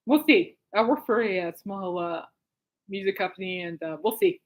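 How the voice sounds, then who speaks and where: A woman's voice: mid-range voice, animated, moderate pace. Woman podcast host, casual giggly rambler, mid-range voice. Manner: giggly, rambling, lots of fillers and restarts. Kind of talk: casual chat.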